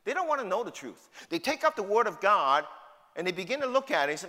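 Man, New York accent, sermon, animated, sharp tone, rhetorical questions. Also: sits high, fast. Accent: New York City. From New York City. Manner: emphatic, full of rhetorical questions. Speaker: pastor. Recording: long hall reverb.

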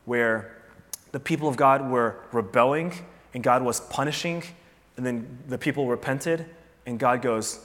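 A man preaches in an easygoing, animated way and keeps turning to the listeners with rhetorical questions. His voice sits at an ordinary middle pitch. The sound rings with the long echo of a large hall. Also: unhurried. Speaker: pastor. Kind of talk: sermon.

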